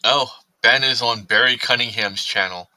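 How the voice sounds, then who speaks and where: A man's voice: medium pitch, normal speed, pushed and bright, no echo, low-quality recording. A man hosting a casual livestream, chatting, reading viewer comments and talking to his cat. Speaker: livestream host.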